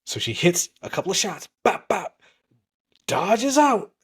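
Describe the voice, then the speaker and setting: A man's voice: sits high, big pitch swings, measured pace, breathy edge. A man co-hosting a podcast, casually recapping a TV episode and acting out scenes with swearing and laughter. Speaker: podcast co-host.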